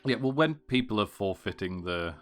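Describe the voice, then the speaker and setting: A man from the UK co-hosting a podcast in casual chat, with a dry manner, his sentences trailing off quietly. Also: fairly low pitch, animated, normal speed, soft background music. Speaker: podcast co-host.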